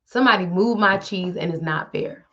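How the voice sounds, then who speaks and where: A woman voicing an indignant, stubborn little man who yells in outrage about his missing cheese. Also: moderate pace, highs cut off, natural voice. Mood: outraged. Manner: shrill, outraged yelling.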